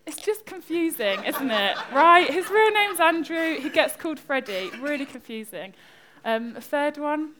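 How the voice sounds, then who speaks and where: A woman's voice: high-pitched, measured pace, few pauses, a crowd in the background. A young woman, giving a chatty, joking sermon and talking back and forth with her congregation. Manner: chatty, lively, joking with the audience. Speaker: preacher.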